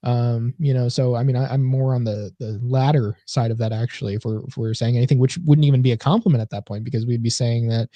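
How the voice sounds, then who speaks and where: Rambling podcast guy, dry mellow voice. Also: medium pitch, fairly even intonation, fast talker, hardly any pauses, dry recording, muffled recording. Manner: rambling, filler-heavy, frequent restarts. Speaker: podcast co-host. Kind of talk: casual comedy podcast chat.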